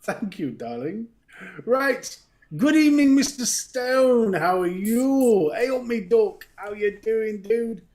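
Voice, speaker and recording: A man's high voice comes across animated but slow, with a slightly mellow quality. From his home studio he co-hosts a live stream, casually greeting chat viewers individually by affectionate nicknames and laughing frequently.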